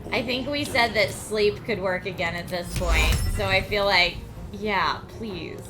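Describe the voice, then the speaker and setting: A woman streamer talking her way through a video game live, thinking aloud with quick laughs. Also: mid-range voice. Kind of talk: live gameplay commentary. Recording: game music playing behind.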